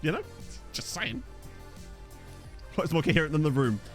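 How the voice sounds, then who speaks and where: A man's voice: a little high, big pitch swings, normal speed, faint music behind. Tired rambling male game streamer. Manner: rambling, self-deprecating, chatty with frequent fillers. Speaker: gaming streamer. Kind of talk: casual let's-play chat reading viewer comments.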